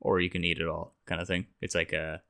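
A man's voice: deep voice, little pitch movement, fast, creaky, pushed and bright. A young man, chatting casually on a podcast, rambling, swearing and acting out quotes. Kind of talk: casual chat.

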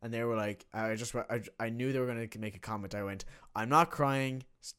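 Young man, low voice, animated storyteller, laughs a lot, casual chat. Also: quick pace, clean tone.

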